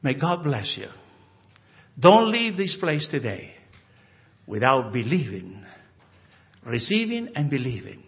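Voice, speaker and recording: A male pastor preaching a sermon, emphatic and animated, acting out little conversations as he goes. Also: mid-range voice, takes it slowly, long pauses, muffled recording. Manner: animated, emphatic, acts out dialogues.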